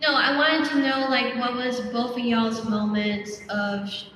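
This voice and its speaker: Woman, fan in the crowd, unhurried, hall reverb, clear background noise. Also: a little high, level tone, fairly bright tone. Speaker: audience member asking a question. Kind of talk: audience question.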